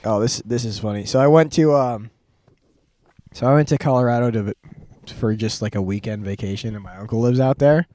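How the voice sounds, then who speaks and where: A man's voice: mid-range voice, brisk, mellow. A man in his twenties telling a rambling story on a casual podcast, full of fillers and restarts. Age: 20s. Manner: rambling, lots of fillers and restarts, laughs often. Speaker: podcast host.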